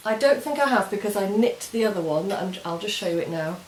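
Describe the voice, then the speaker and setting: Animated and quick, a woman with a mid-range voice hosts a knitting podcast, chatting casually about her projects. Her step-by-step explanations wander in a show-and-tell way. The recording sounds roomy and echoey, with a faint hiss.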